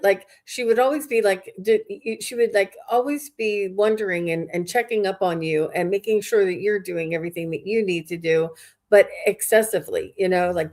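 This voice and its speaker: A woman gives a live spirit reading in a loose, chatty flow. She piles on fillers and restarts her sentences as she goes, speaking at an everyday middle pitch. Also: moderate pace, a little mellow. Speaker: psychic medium host.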